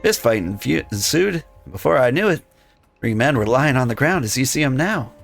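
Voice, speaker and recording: A man voicing a timid young peasant milkmaid in a polite falsetto. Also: sing-song, moderate pace, gravelly, faint music behind.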